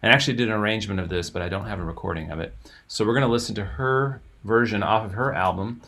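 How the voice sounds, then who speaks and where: A man's voice: on the low side, fast, fairly bright tone. A man hosting, casually explaining a music arrangement with enthusiasm as it plays. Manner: explanatory, enthusiastic, talks over playing music. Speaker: host and musician.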